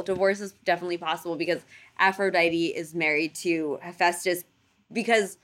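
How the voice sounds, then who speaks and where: A woman telling a story in casual chat, animated, full of fillers and casual swearing, acting out voices for the people in it. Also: on the low side, normal speed. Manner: animated storyteller, acts out quoted gods in playful voices.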